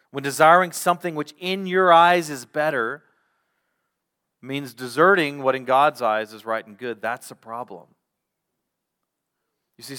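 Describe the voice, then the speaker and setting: Man preaching a measured expository sermon. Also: mid-range voice, pushed and bright, smooth. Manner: teaching Bible text, measured with pauses. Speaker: pastor.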